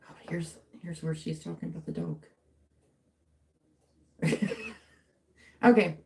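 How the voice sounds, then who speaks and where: A woman's voice: deep voice, slow pace, creaky, warm tone. A young woman hosting a casual livestream, chatting in a rambling, self-interrupting way while she crafts at home. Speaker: livestream host. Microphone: phone mic.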